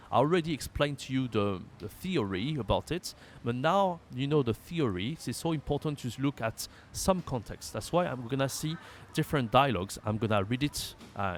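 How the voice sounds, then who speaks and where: Man teaching with lively pitch. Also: slight background noise. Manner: explains patiently, reads example lines aloud with lifted emphasis. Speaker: French teacher. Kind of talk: language lesson.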